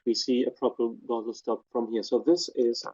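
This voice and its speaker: A man gives a step-by-step technical lecture at a webinar, pointing out each detail in turn. His voice is dark and mellow at a middle pitch. The webinar audio sounds dull and lo-fi. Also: level tone, normal speed, breathy edge. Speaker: webinar presenter. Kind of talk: technical lecture walking through spectrograms.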